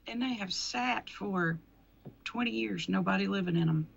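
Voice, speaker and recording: A woman's voice: medium pitch, normal speed, vocal fry, muffled recording, slight background noise. A woman, a guest who deals in antiques and auctions. She chats casually on a local TV show, laughing often and restarting her sentences. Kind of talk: casual interview chat. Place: local TV studio.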